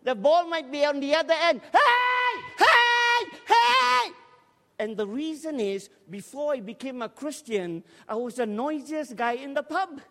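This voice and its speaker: High-voiced preacher, energetic and jokey. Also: male voice, moderate pace, few pauses. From Scotland. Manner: energetic, jokey, urges the crowd to respond. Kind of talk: lively humorous sermon. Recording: long hall reverb in a church.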